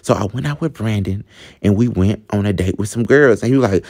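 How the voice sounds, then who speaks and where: A man's voice: lowish voice, lively intonation, fairly quick. A young man telling a personal story in a chatty storytime vlog, talking straight to his viewers. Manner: chatty, addresses viewers as y'all, laughs at himself. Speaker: vlogger.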